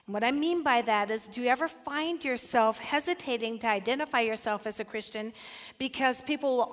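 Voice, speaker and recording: An older woman giving a sermon-style talk to a Christian women's gathering, telling stories with animation and putting direct questions to her listeners. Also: on the high side. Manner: animated storyteller, puts direct questions to the audience. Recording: echoey hall.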